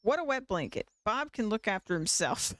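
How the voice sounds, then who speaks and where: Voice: medium pitch, sing-song, moderate pace, fairly bright tone, no echo. A streamer voicing a sardonic talking pet cat in a game, reading its lines dismissively. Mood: snarky. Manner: dismissive, snarky.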